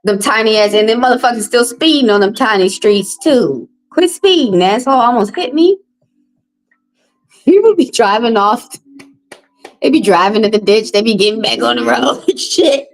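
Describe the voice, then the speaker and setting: A woman with a Southern US accent reading tarot on a live stream, chatting casually in a profane, animated way. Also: mid-range voice, moderate pace, faint music behind, rough recording. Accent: Southern US, Texas. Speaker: tarot reader.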